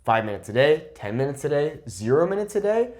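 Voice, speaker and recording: Man, mid-twenties, language teacher, casual lesson, very animated pitch, emphatic. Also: brisk. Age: 20s. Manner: lively, emphatic, repeats "okay?" to check in. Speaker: Spanish teacher. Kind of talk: casual talking-head lesson.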